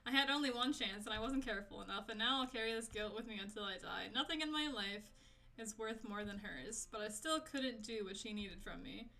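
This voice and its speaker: A guilt-stricken young male student narrates his thoughts, read by a woman. The reading is quiet and subdued, the timbre strikingly bright and fairly high. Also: brisk. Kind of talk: reading game text aloud.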